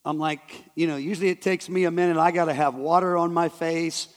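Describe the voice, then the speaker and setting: A high-voiced man preaches in a church hall and tells a story to the congregation. He stumbles and restarts his words often. His voice rings with a long hall reverb. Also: fairly even intonation. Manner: halting, repeats and restarts words. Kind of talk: sermon storytelling.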